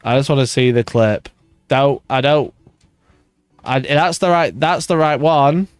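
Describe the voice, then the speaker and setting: A man's voice: medium pitch, steady tone, measured pace, clean tone, dry recording, soft background music. A man hosting a casual wargaming live stream, ranting, swearing and laughing often. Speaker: wargaming channel host.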